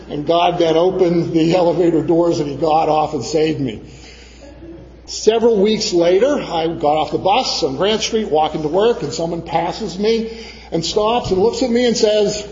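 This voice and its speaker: High-voiced preacher in a reverberant hall. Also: male voice, normal speed, a little mellow. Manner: storytelling, acting out the voices of others. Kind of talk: sermon with a personal story. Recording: dull sound in a reverberant church hall.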